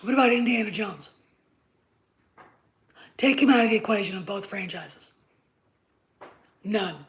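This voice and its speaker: A woman's voice: mid-range voice, a little slow, pauses often, rough recording. Insistent woman lecturing her stream chat. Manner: insistent and lecturing, often checks with "okay?"; emphatic, repeats points. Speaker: live stream host. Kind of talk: unscripted live stream rant to chat.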